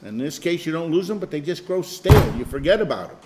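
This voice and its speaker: A man's voice: a little high, very animated, fast, very noisy. An older man leading a Bible study group in an informal sermon, rambling, repeating phrases and chuckling.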